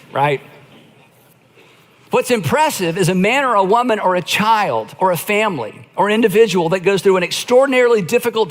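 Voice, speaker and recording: A middle-aged male pastor preaching a conversational sermon, slowing down to dramatize quoted lines. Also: sits high, in a large hall. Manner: conversational preaching, acts out quoted lines with slow emphatic phrasing.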